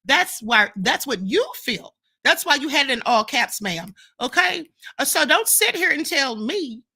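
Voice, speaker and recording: A woman's voice: high voice, very animated, a little slow, bright, forceful tone. A woman hosting a live-stream commentary show, answering viewer comments in an emphatic, lecturing way and often ending points with "okay?" and "ma'am".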